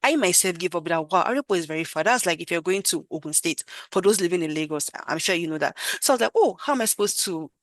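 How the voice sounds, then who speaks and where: A woman's voice: on the low side, fast, few pauses, dry recording. A woman, a program participant giving an effusive, emotional thank-you speech over a video call. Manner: warm, effusive, gushing with gratitude.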